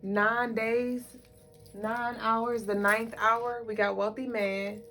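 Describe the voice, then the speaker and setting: A woman's voice: on the high side, level tone, slow pace, fairly bright tone. A woman co-hosting a spiritual livestream in a casual, repetitive, emphatic way, talking straight to her viewers. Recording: music playing behind the voice.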